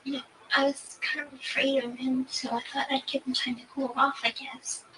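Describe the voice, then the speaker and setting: A young woman answering an investigator's questions in a recorded interview, soft and hesitant with many pauses. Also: sits high, little pitch movement. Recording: distant mic with faint hiss.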